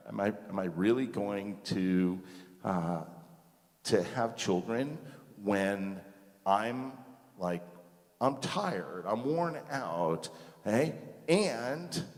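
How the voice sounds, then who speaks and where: A man's voice: lowish voice, exaggerated voice. A man voicing an incredulous, tired old woman who scoffs at the idea of having children. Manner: scoffing, exasperated rhetorical questions. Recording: reverberant hall.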